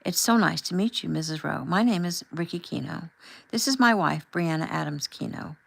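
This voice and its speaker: A woman voicing a calm, firm husband and father who asks measured, pointed questions as he confronts a chaperone in an audiobook. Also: fairly high pitch, gravelly, full character voice, poor audio. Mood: polite probing.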